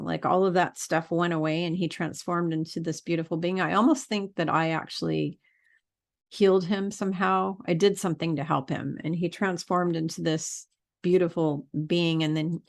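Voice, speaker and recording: Woman spiritual teacher, low-ish voice, rambling earnest vlog talk. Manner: earnest and rambling, many fillers. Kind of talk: casual spiritual vlog monologue.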